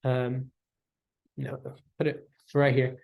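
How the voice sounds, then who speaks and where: A man's voice: mid-range voice, monotone, slow, vocal fry, narrow, tinny audio. A young man ranking his favorite albums in casual chat, enthusiastic and rambling, slangy and full of fillers.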